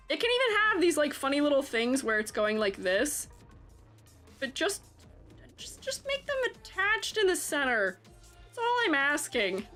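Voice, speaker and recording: A woman character design teacher chats through a live stream in a slightly high, very lively voice. She is animated, laughs often and reads the chat aloud. Soft music plays faintly behind her. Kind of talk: casual live-stream commentary.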